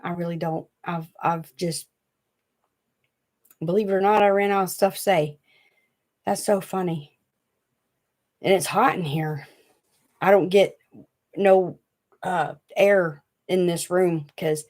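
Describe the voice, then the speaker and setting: A woman's voice: lowish voice, fairly even intonation, measured pace, pauses often, darkish tone. Chatty Southern woman, rambling livestream host. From Tennessee. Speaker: DIY craft channel host. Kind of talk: casual livestream chat. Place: small hot room at home.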